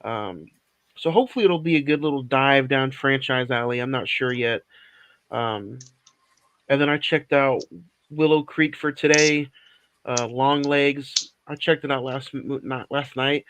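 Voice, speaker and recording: A man hosting a casual podcast chat, talking in a relaxed, rambling way with lots of fillers. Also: mid-range voice, a little slow, clean tone. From Oklahoma area, USA. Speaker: podcast host.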